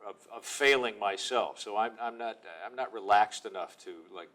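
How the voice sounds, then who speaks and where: A man with a low voice answers interview questions about his acting work. He speaks in a low-key, reflective, self-deprecating way, without much show. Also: moderate pace, a bit bright. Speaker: actor guest. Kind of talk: casual interview talk.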